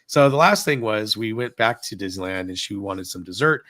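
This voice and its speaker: Lower-voiced middle-aged man telling a story. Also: normal speed, no room sound. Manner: animated retelling, acting out dialogue. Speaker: podcast co-host telling a park story. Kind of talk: casual storytelling on a live podcast.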